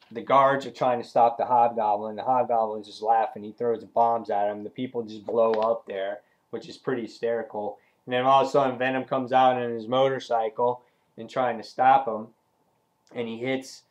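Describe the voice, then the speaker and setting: A man's voice: medium pitch, muffled recording. A man reviewing a comic book issue in a casual, rambling retelling full of fillers like "um" and "you know".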